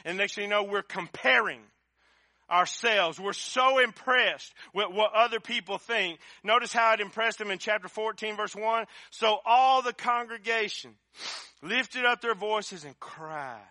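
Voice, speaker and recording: High, bright-voiced impassioned preacher man. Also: measured pace, no echo. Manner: impassioned, swells to shouting. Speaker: pastor. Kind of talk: sermon.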